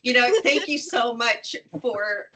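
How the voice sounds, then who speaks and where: A woman leading an improv name game on a video call, playful and quick to laugh. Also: a little high, a bit bright, slight background noise, rough recording. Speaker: workshop facilitator.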